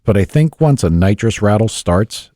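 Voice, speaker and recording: A very low, dark-toned man talks loosely in a dry studio, rambling and cursing freely. He is a podcast host chatting with his co-hosts. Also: animated, normal speed, no echo. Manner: rambling, casual, swears freely. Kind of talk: casual studio chat.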